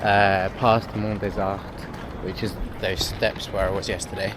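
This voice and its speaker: A man's voice: low-pitched, flat delivery, a little slow. A man vlogging while walking around a city, chatty and self-deprecating with rambling asides. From England. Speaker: travel vlogger. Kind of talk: casual travel vlog. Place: outdoors in city streets. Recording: loud city street noise. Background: traffic and street sounds.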